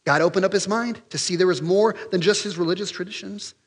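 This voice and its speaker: Excitable high-voiced man preaching a sermon. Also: fast, husky, big-room sound. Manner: animated, acts out quoted voices, raises pitch and volume for emphasis; excitable, loses his place in notes. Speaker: pastor.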